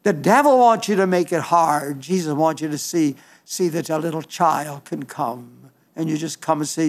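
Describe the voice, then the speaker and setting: An older man preaching a sermon on the radio, earnest and pleading, slow and emphatic. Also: fairly high pitch.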